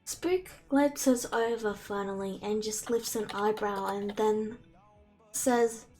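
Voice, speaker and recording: A woman calmly narrating her character in a tabletop role-playing game. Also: mid-range voice, slow pace, faint music behind, rough recording. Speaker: player.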